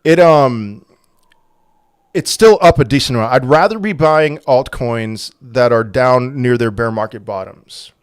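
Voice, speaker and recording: Brief: male streamer at a desk mic, mid-pitched, halting and restart-heavy, prone to heated outbursts. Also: smooth, no echo, clean studio sound. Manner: halting, full of restarts, turns loud and heated when angry. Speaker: crypto livestream host. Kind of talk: casual livestream chat reading viewer questions.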